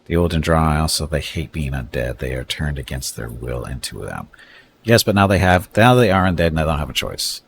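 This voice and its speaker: Brief: male game streamer, extremely low voice, relaxed chat with viewers. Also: a little fast, vocal fry, a little hiss or hum. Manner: reads unit stats aloud, chats with viewers. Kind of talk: casual live-stream commentary.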